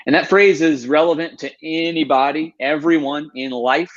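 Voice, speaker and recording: A man's voice: on the high side, fairly even intonation, moderate pace, highs cut off. A man in his thirties, a guest on an interview show, telling his story earnestly and with emphasis. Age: 30s.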